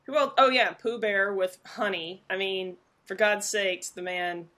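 A woman's voice: mid-range voice, unhurried, sharp tone. A woman co-hosting a podcast in casual chat, rambling with lots of fillers. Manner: chatty, rambling with many fillers. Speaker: podcast co-host.

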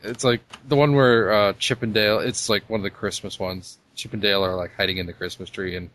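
A man co-hosting a podcast, explaining things in a relaxed, casual way. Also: fairly low pitch, fairly quick. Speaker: podcast co-host. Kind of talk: casual chat.

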